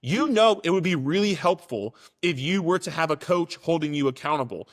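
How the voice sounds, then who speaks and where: A man's voice: fairly high pitch, animated, a little fast, long reverb tail. A man and fitness coach giving a casual, direct motivational monologue, now and then swearing for emphasis.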